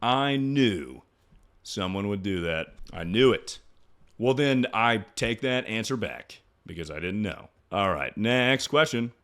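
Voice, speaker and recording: A man's voice: lowish voice, lively intonation, slow pace, fairly bright tone. A young man streaming, answering chat questions in crude, joking banter with frequent laughs and trailing restarts. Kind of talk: casual livestream chat.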